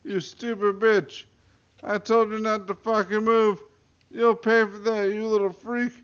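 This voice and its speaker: A man doing a loud, panicky crook. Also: high-pitched, level tone, measured pace, clean tone, dull audio, voice pushed up. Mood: frantic, yelling. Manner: shouting, pleading, swearing. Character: loud panicking male pizza-shop crook.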